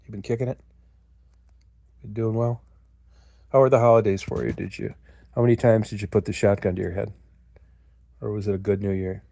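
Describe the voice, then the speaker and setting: Older livestream host from the US, low mellow voice, gruff and profane, chatty monologue. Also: male voice, fairly even intonation, brisk, long pauses, dry recording. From United States. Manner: profane, gruff, talks to chat viewers. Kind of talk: casual rambling monologue.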